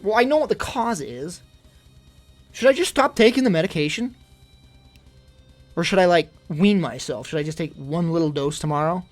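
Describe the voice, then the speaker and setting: A man's voice: animated, moderate pace, long pauses. Breathless young man rambling on stream. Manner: rambling, worried, swings from loud emphasis to low mutters. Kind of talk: casual live-stream chat. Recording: faint music behind.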